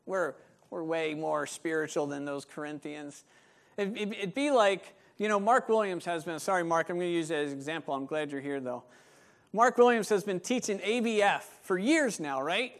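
A man, a pastor, preaching a sermon in a lively manner and acting out what members of the church might say. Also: on the high side, normal speed. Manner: animated, acts out voices of church members.

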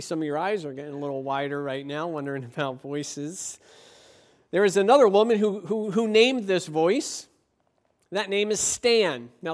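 A man preaching a sermon as pastor, delivering it emphatically with drawn-out phrases and rhetorical questions to his listeners. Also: high voice.

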